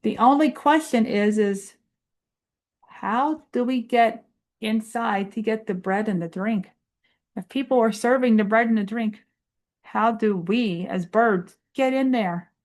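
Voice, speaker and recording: A woman's voice: fairly high pitch, unhurried, a little mellow, lightly acted. A woman voicing a cheerful, curious fisher bird puppet for a children's lesson, chatty and wondering aloud.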